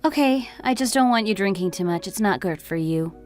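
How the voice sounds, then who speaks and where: An actress playing a gentle young wife who is concerned about her husband in a scripted text-story drama. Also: medium pitch, expressive, a little fast, faint music behind, natural voice.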